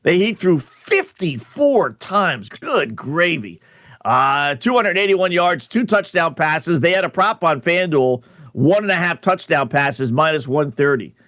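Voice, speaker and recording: A man's voice: a little high, animated, unhurried, fairly bright tone, no room sound. A man hosting a sports betting radio show, talking in a wry, conversational monologue full of rhetorical questions.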